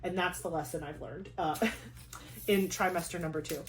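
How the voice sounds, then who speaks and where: A young woman chatting casually on her craft vlog, talking fast with lots of "like" and quick asides. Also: fairly low pitch, steady tone. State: pregnant. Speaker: craft vlogger. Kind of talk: casual chat.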